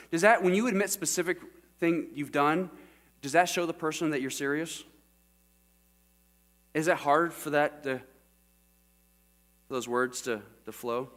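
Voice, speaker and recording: Delivering a sermon, this middle-aged pastor speaks in a higher, slightly bright voice and keeps asking the congregation questions. Mains hum runs through the church recording.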